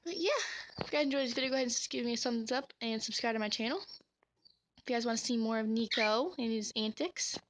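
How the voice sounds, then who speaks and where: A woman's voice: a little high, quick pace. A woman vlogging about her pet cockatiel, chatting casually and cooing to the bird in a sing-song baby voice. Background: cockatiel chirping.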